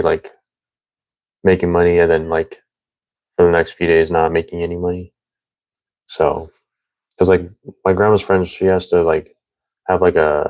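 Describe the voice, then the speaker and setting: Deep-voiced young man, casual rambling. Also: darkish tone, no echo. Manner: rambling, many fillers. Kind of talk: casual chat.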